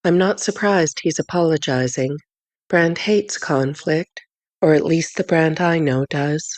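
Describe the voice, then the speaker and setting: A woman narrating a first-person novel in an audiobook, with measured, clear storytelling on a close studio mic. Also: low voice, a little mellow, no room sound.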